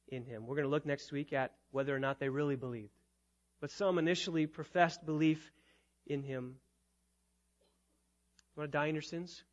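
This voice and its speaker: A man preaching a sermon as a pastor, emphatic, repeating phrases and building to loud climaxes. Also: on the high side, highs cut off.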